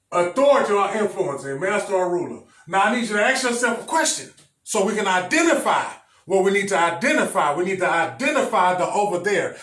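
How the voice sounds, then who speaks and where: A male preacher with a high voice teaches a sermon. He speaks emphatically and repeats his phrases for the listeners. The sound is echoey and picked up from some distance away. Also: fairly bright tone. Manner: emphatic, repetitive, addresses the congregation directly. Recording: echoey room, mic at a distance.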